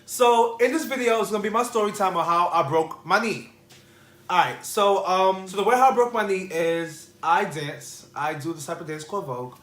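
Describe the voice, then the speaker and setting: A man's voice: high-pitched, moderate pace, a bit bright. A man vlogger telling a personal story in a casual, rambling way full of fillers. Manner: rambling, filler-heavy, restarts. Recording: echoey room.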